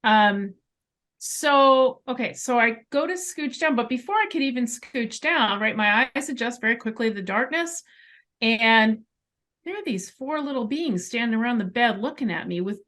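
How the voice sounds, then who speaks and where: A woman guest, a clairvoyant, telling a personal story in a conversation, animated and full of emphatic asides, speaking from a bedroom at home. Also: on the high side, moderate pace.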